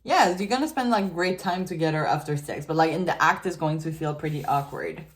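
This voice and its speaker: Chatty woman, lowish voice. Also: expressive, a little fast. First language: French. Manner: chatty and giggly, loose filler-heavy talk. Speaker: tarot reader. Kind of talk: casual tarot reading.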